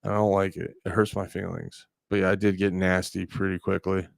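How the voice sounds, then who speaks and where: A man's voice: low-pitched, little pitch movement, fairly quick, vocal fry, no room sound, clean studio sound. A man hosting a casual livestream, rambling and joking with frequent swearing while talking straight to his chat. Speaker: livestream host.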